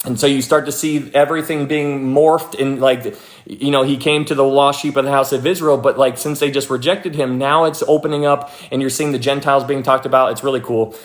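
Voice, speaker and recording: A young man giving an informal Bible talk, chatty and full of fillers, getting animated as he acts out little scenes. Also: mid-range voice, a little fast. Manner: informal, many fillers like "like" and "you know", animated when acting out scenes. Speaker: Bible teacher. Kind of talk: casual Bible study talk.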